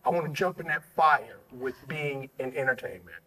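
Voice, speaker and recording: A man hosting a podcast, talking in an energetic, slangy, playful hype-man way. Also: medium pitch, normal speed, crowd noise, low-quality recording. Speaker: podcast host. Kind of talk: hyped casual podcast chat.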